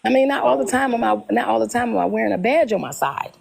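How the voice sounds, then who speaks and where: A woman telling a personal story in casual conversation, animated, often repeating herself and acting out what people said. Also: fairly high pitch, fast, vocal fry, husky, rough recording. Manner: animated, retells dialogue in quotes, repeats herself. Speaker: guest telling her story.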